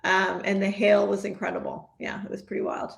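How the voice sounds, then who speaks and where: Woman, mortgage broker, gravelly voice, lots of ums, echoey room. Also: medium pitch, little pitch movement, brisk. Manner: hesitant, many ums. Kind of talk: casual panel chat. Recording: roomy echo.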